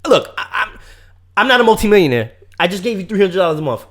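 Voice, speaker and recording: A young man from Brooklyn, co-hosting a casual podcast and telling a long, profane story with big swings between low mutters and loud outbursts. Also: very animated, fast. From Brooklyn, New York.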